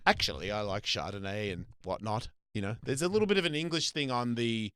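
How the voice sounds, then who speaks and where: A man's voice: fairly low pitch, a little fast, a bit bright, slight background noise. A middle-aged Australian man hosting a casual chat, swearing freely and rambling through restarts. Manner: rambling, profane, lots of restarts. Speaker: host.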